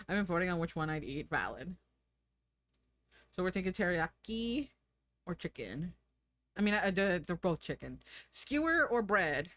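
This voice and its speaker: A woman's voice: on the low side, a bit bright, dry recording. An American woman streaming live, chatting casually, giggling and thinking aloud.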